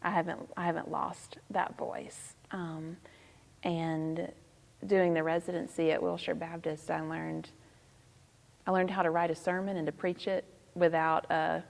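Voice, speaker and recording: A soft-spoken woman in her thirties with a Southern accent, speaking slowly and thoughtfully, with a low, gravelly voice. Her words hang in a reverberant room that gives them a long tail. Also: little pitch movement. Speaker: pastor, interview guest. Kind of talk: casual interview.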